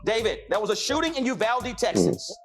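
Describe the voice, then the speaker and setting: A man's voice: extremely high pitch, big pitch swings, brisk, loud music behind the voice. Insistent male debate host. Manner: insistent, repeats the guest's name to cut in. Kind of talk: pressing interview questions.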